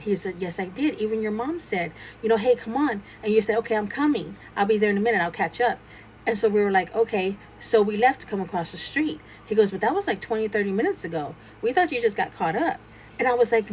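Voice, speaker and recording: A woman's voice: mid-range voice, a little fast, slight background noise, rough recording. Woman casually telling a ghost story. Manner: animated retelling, acting out quoted dialogue.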